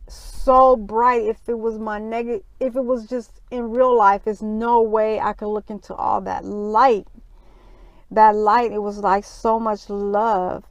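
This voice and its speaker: A middle-aged woman earnestly telling a personal story in her vlog, halting often with fillers. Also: mid-range voice, no room sound, highs cut off. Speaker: vlogger.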